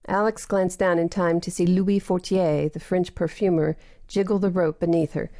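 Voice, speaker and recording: A woman narrates a novel as an audiobook narrator, reading a script in a steady, even voice at normal speed. Her pitch sits on the low side, and the recording is dry and close, with no room sound.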